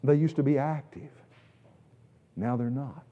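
A man preaching a sermon in a church sanctuary, emphatic, swinging between loud stressed words and quiet asides and repeating words as he restarts. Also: mid-range voice, animated, a little slow. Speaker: pastor. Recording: echoey hall, dull lo-fi sound.

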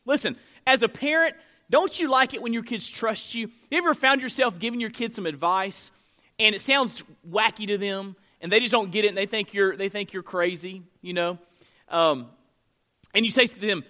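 A man's voice: high voice, moderate pace, bright, forceful tone. A male pastor preaching a sermon to a live congregation. He speaks emphatically and conversationally, often checking in with "right?". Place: church room with a live congregation.

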